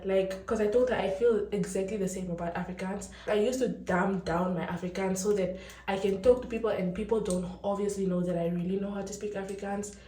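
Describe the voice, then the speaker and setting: A woman's voice: medium pitch, far from the mic. A young Namibian woman with a Namibian accent chatting casually to her vlog camera, mixing English and Afrikaans and laughing often. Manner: chatty and animated, switching between English and Afrikaans with frequent laughs. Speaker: vlogger. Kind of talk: casual chat. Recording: roomy echo, mic set back.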